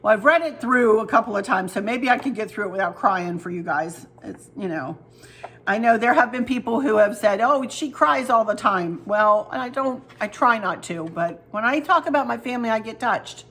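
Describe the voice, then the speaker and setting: A woman's voice: on the high side, expressive, moderate pace, a bit bright. Chatty woman vlogging from home. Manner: chatty, storytelling, talks to viewers directly. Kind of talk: casual chat showing gifts. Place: home, at the kitchen table.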